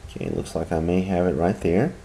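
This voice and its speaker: A man gives a recorded grammar lesson, patient and methodical, slowing down to spell out each example. His voice sits low and mellow, and he talks into a computer mic over a screen recording. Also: creaky. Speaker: Spanish teacher.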